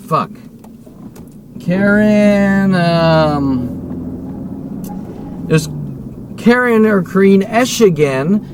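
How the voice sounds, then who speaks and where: A man delivering an agitated, profane, rambling rant as a vlogger, repeating himself and swearing often. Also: sits high. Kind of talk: unscripted rant to camera. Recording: noisy recording with vehicle sounds.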